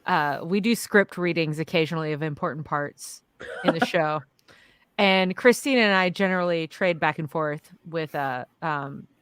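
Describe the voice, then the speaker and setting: A woman hosting a podcast speaks in a smooth, slightly low voice. Her talk is casual and chatty. The sound is dry and close to the mic. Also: normal speed, a bit bright, no room sound. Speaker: podcast host. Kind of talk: casual chat.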